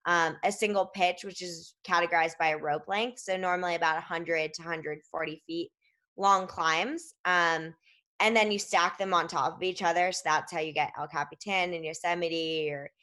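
A woman's voice: lowish voice, steady tone, moderate pace, bright, forceful tone. A woman guest in an interview, telling a story casually, filling her speech with "like" and "um" and explaining things step by step.

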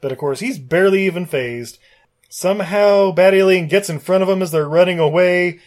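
A man with a slightly high voice tells a film's plot in a loose, rambling way. He swears freely and laughs often as he acts out the scenes. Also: moderate pace, a little mellow. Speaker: podcast co-host recapping a film. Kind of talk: casual chat.

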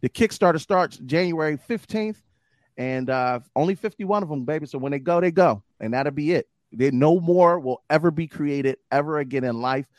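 A young adult man hosting a podcast in casual chat, animated and hype with plenty of slang. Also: fairly high pitch, normal speed, no echo, studio quality. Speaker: podcast host.

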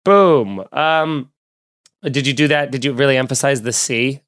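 A man's voice: mid-range voice, a little slow, fairly bright tone. Podcast host, male comedian, loose and jokey, clean resonant voice. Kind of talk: casual podcast chat and plugs.

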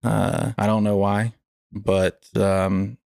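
A young adult man hosting a podcast, talking slowly and haltingly with lots of pauses and fillers. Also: on the low side, little pitch movement, creaky, a little mellow, no room sound, studio quality. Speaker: podcast host. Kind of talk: casual reflective chat.

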